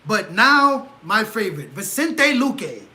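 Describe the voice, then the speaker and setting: A man hosting a casual livestream, talking in an animated, rhetorical way and often asking "right?" for agreement. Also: sits high, measured pace, rough recording. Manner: gets loud and excitable. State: leg cramp. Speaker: livestream host.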